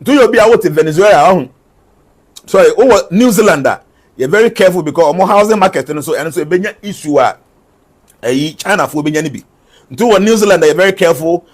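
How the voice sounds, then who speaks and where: A man with a high-pitched, brisk voice and lively intonation delivers numbered prophetic forecasts. He repeats each prediction and switches between English and a local language, adding asides in the latter.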